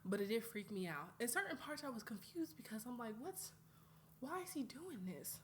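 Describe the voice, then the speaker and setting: A young adult woman from Atlanta hosting her own podcast in an animated, chatty way. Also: on the high side, normal speed, a little hiss or hum. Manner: animated, chatty, swings between loud outbursts and quiet asides. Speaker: podcast host. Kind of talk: casual solo podcast chat.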